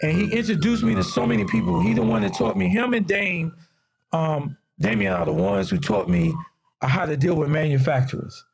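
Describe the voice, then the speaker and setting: Over slight background noise, a man with a high, brisk, gravelly and husky voice shares stories on a podcast. He's a fashion designer with a Mid-Atlantic US (DMV) accent, chatting casually and lively, slipping into the voices of those he quotes.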